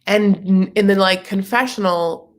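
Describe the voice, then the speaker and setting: A woman's voice: medium pitch, unhurried. A woman hosting a casual live reaction chat, chatty and sassy, tossing out jokes and asides as she recaps. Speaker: recap show host.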